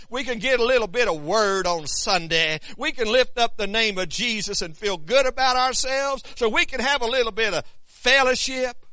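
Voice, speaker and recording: A man preaching a sermon in a high, bright voice. He moves from hushed, searching questions to loud, shouted exhortation and trips over Greek words as he goes. The sound is dry and close, with no room echo.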